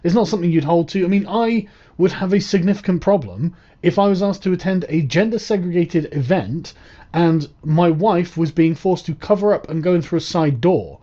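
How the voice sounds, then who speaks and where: Man, sarcastic, mocking, profane, slightly high, mellow tone, dull lo-fi audio. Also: normal speed. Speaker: commentator. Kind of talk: reaction commentary.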